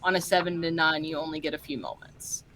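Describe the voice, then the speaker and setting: A woman's voice: sits low, steady tone, brisk, a bit bright, slight background noise. Chatty woman playing a tabletop game. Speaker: player. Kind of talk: casual tabletop play.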